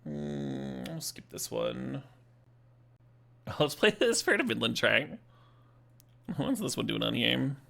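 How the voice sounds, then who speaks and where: A man's voice: medium pitch, wildly swooping pitch, takes it slowly, creaky, pauses often, fairly bright tone. A man streaming a card game, talking through his plays in a casual, swearing, laughing way. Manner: swears casually, laughs often, thinks aloud. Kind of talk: casual live-stream commentary.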